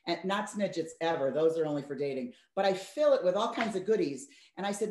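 A woman giving a lively, chatty sales training talk and acting out her party patter. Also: fairly low pitch, moderate pace, echoey room.

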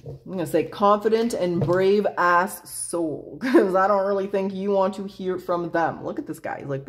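A woman's voice: medium pitch, moderate pace. A woman doing a casual tarot reading in a blunt, chatty way, swearing freely and laughing often. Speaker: tarot reader.

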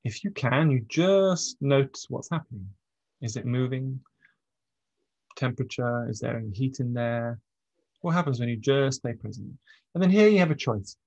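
A man coaching on trauma and stress, explaining in a relaxed, conversational way, with frequent pauses and restarts. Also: medium pitch, no echo, lo-fi sound. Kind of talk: casual teaching monologue.

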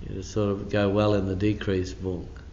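A male pastor with a lowish, dark voice delivers a midweek church-hall teaching at a moderate pace and in a completely flat tone. His wording stays conversational and emphatic, rich in asides and "you know," over slight background noise in a dull, echoey recording.

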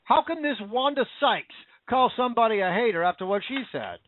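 A man's voice: extremely high pitch, expressive, a little fast. An American man giving an indignant, repetitive political opinion rant. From United States. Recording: dry, phone-like narrow audio.

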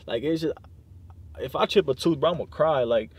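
A man's voice: on the high side, brisk, noisy background. A young man vlogging from inside his car, talking loose and slangy, peppered with "like" and swearing, tired and sleep deprived. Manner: loose slangy rambling, heavy use of "like", cursing. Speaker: YouTube vlogger. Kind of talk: casual vlog talk to camera.

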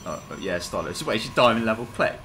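A man's voice: lowish voice, expressive, fast, a bit bright, a little hiss or hum. Jokey man narrating his game. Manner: jokey, swearing, narrating his own moves. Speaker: streamer. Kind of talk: casual gaming commentary.

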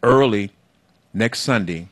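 A fairly low-voiced man runs a call-in talk show in a folksy, easygoing way. He leans on words for emphasis and talks to his callers like old friends. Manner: folksy, drawn-out emphasis, calls guests baby.

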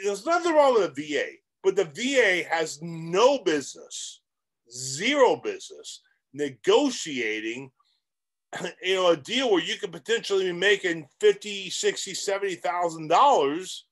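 A middle-aged man speaks straight to camera in a coaching monologue for real estate investors, his voice sitting high with a fairly bright tone. He's emphatic and rambling, sprinkling in self-aware jokes.

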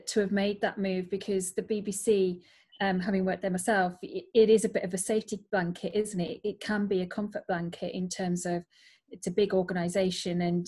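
A woman's voice: mid-range voice, darkish tone. A woman hosting an interview on a video call, chatty and stumbling over words as she frames questions. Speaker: interviewer host. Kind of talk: hosted interview.

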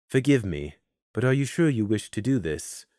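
A man's voice: fairly low pitch, very animated, normal speed, a little mellow, no echo, studio quality. A man voicing a formal, polite male stag guide who speaks courteously in old-fashioned phrasing. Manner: courteous, archaic formal speech.

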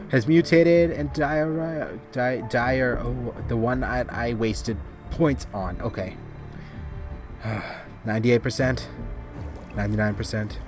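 A man hosting a gaming channel, giving rambling casual commentary with sudden excited outbursts at the game. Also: mid-range voice.

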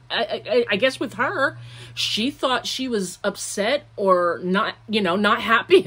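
Older woman, podcast host; lively pitch, chatty, laughing. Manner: chatty and animated, laughs often. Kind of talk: casual knitting podcast chat.

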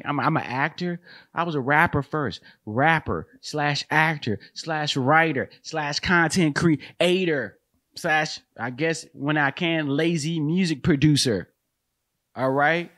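A man's voice: a little high, unhurried, a bit bright, dry recording, clean studio sound. A man hosting a podcast, riffing comedically in a rambling way with lots of slang and laughter.

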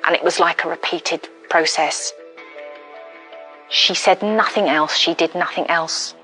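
A woman interviewed as a friend in a documentary, recounting events in a deliberate, careful way. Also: fairly low pitch, steady tone, sharp tone, faint music behind, rough recording.

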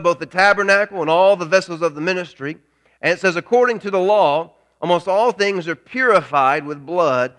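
A man's voice: high voice, fairly bright tone. A male pastor preaching a sermon, emphatic, repeating key lines and asking rhetorical questions.

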